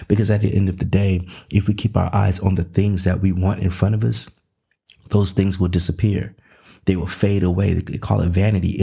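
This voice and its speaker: A man's voice: sits low, gravelly, dark tone, slightly rough. A man, talking casually about faith and family, rambling with many fillers.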